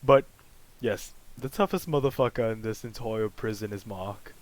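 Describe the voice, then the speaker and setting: A man's voice: fairly low pitch, normal speed, no echo, low-quality recording. A man narrating a tabletop role-play as game master, in a casual, rambling way.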